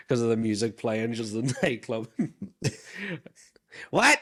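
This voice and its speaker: A man's voice: on the low side, expressive, fairly bright tone. Chatty guy riffing ideas. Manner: chatty, quick to agree with "aye". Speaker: co-host. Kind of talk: casual chat.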